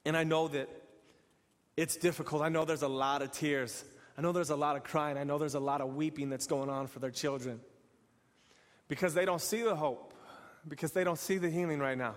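A man's voice: on the high side, fairly even intonation, a little fast, in a large hall. A man preaching an earnest sermon in repeated, building phrases. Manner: earnest, repetitive, building to exhortation.

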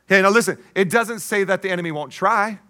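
A male pastor delivers a sermon in a high-pitched voice with an emphatic, call-and-response rhythm. His tone is bright and forceful, and he breaks in with playful jokes and asides between points. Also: quick pace.

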